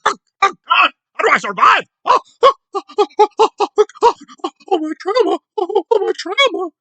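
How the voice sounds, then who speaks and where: Guy putting on a whiny sobbing lady voice, way up high, over the top. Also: expressive, normal speed, pushed and bright, no room sound, full character voice. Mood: wailing. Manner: exaggerated sobbing and moaning. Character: shrill wailing mocked woman, melodramatic.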